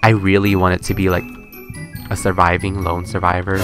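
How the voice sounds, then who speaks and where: Bright-voiced chatty young man gaming. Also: deep voice, fairly quick. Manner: chatty, excitable, gasps and squeals when scared. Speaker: gaming YouTuber. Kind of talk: casual let's-play commentary. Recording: faint game music behind.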